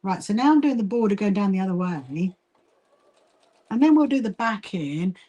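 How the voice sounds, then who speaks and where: A woman from Brighton, England, with a southern English accent, chatting casually on a livestream while she sews and greets viewers by name. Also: medium pitch, expressive, normal speed, highs cut off. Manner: chatty, reads and greets viewer comments, frequent fillers and laughs. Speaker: livestream host, quilting association founder.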